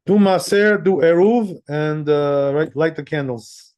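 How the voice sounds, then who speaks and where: A man's voice: a little high, a little slow, a little mellow, muffled recording. A man teaching Jewish law as a rabbi in a casual class, talking conversationally and chuckling often. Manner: conversational, sprinkles in "right?" and "you know", chuckles often.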